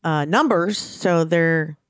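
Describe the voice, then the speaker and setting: A woman co-hosting a podcast in casual chat, talking in a chatty, teasing way with quick asides. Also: low voice, clean tone, no room sound, studio quality. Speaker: podcast co-host.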